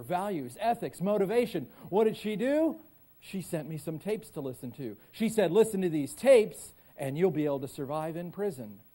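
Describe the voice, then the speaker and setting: Speaking on a conference stage with a fairly high but dark-toned voice, a psychologist and motivational speaker delivers a live keynote. He tells stories and leads the audience in call-and-response.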